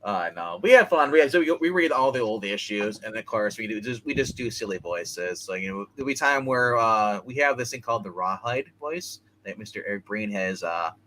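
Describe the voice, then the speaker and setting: A male host of a loose live-stream chat, with a bright, forceful voice. He stumbles through restarts and repeated words, and laughs as he talks. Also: lowish voice, expressive, fairly quick, hardly any pauses, a little hiss or hum. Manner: stammering, restarts often, laughs a lot.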